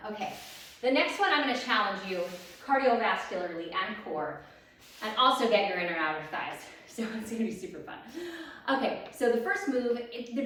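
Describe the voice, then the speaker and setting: A woman's voice: mid-range voice, fairly bright tone, a little hiss or hum. A woman fitness instructor leading a workout, upbeat and out of breath as she counts reps and coaches. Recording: echoey room, distant mic.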